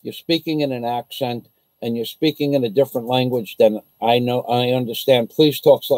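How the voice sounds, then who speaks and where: American man, indignant rambling livestream story, mellow voice, dry sound. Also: mid-range voice, fairly even intonation, normal speed, no room sound, low-quality recording. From United States. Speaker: vlogger. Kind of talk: casual livestream rant.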